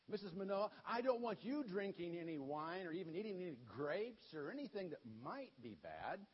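A relaxed, chatty angel messenger who reassures as he speaks, put on by a male storyteller. The voice sits high and swings widely in pitch. The recording sounds dull and lo-fi. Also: slightly rough, exaggerated voice. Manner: laid-back, chatty, reassuring.

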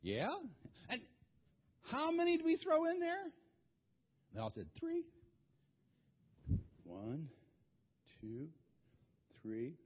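A man telling a children's Bible story in an animated, folksy way, often repeating words, in a dull lo-fi recording. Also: high voice, slow pace, pauses often, husky.

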